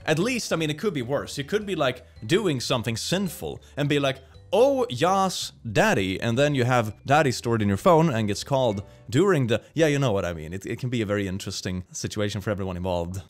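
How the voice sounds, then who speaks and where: A man's voice: medium pitch, sing-song, fairly quick, soft background music. A young man reading posts aloud and reacting with sarcastic comments, laughing often. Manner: sarcastic, laughs often, puts on silly voices. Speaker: reaction video host.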